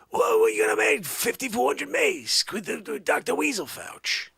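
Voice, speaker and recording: A man's voice: extremely high pitch, huge pitch swings, measured pace, vocal fry, pushed and bright, slightly rough, dry recording, clean studio sound. A young man hosting a music livestream, joking and rambling as he greets viewers by name. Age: young adult. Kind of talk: casual livestream chat.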